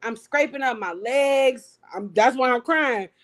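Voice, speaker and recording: A young adult woman telling a personal story as an interview guest, animated and acting out what she said back then. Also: sits high, measured pace. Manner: animated, acts out her own past lines.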